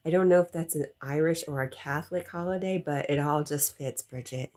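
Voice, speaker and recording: A woman's voice: low voice, fairly quick, few pauses, a little mellow. A woman hosting a casual livestream, chatting and reading viewer comments aloud with frequent laughs. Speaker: livestream host reading chat. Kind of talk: casual live chat.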